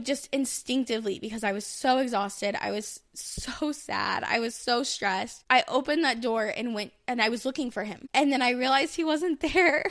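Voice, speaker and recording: A woman's voice: sits high, fairly bright tone. Candid woman telling her story. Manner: candid, rambling, many "like"s and restarts. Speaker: podcast co-host. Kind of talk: casual personal storytelling.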